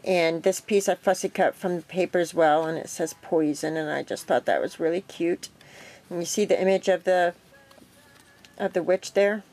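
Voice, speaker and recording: A woman with a slightly low voice talks through her homemade craft project in a loose, unhurried way. She fills pauses with ums and corrects herself as she goes, like a casual show-and-tell at her craft table. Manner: relaxed, rambling with many ums and self-corrections. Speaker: craft vlogger.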